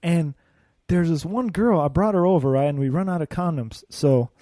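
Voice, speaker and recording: A man from India, a podcast co-host, telling stories in a casual, profane and animated way. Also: on the high side, moderate pace, no room sound, clean studio sound. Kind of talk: casual chat.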